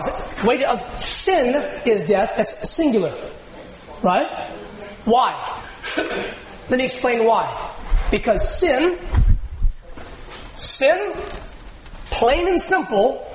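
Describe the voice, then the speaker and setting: A man preaching with a high voice, throwing questions out to the congregation and answering them himself. The sound is roomy and echoey, as if caught in a church hall. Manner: call-and-response preaching, asks the congregation questions. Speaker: pastor. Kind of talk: sermon.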